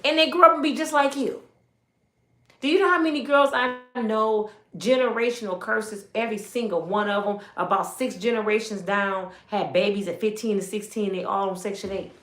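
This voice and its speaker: A middle-aged woman, hosting an animated commentary and talking emphatically as she acts out the people in her stories. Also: medium pitch, moderate pace. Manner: emphatic, preachy, acts out quoted voices. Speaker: commentary channel host. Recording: echoey room.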